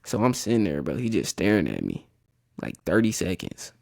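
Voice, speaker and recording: A young man hosting a podcast, telling a childhood story in an animated, slangy, casual way. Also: low-pitched, normal speed, creaky, dry recording, studio quality. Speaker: podcast host.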